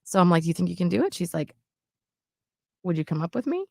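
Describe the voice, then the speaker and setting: A woman's voice: lowish voice, quick pace, creaky, no echo, clean studio sound. A woman co-hosting a show, telling a personal story in casual chat and acting out what others said. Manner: animated, acts out quotes with shifts in loudness. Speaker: podcast co-host.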